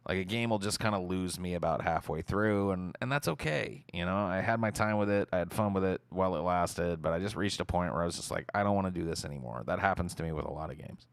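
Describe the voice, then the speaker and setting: A man streaming, casually answering viewer questions in a relaxed, rambling way and swearing freely. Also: low voice, fast talker, gravelly, hardly any pauses, clean tone, no room sound, clean studio sound.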